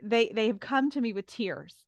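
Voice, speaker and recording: A woman's voice: a little high, moderate pace, no echo. A woman guest on a faith podcast, talking earnestly and casually, laughing often and leaning on "like.". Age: adult, taught and teaches women.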